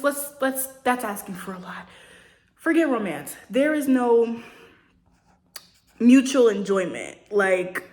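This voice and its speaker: A young woman chatting casually while she cooks at home, ranting with exasperation and laughing now and then. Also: a little high. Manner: animated, exasperated rants with laughs. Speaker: vlogger. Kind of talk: casual chat while cooking. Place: home kitchen. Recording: echoey room with faint noise.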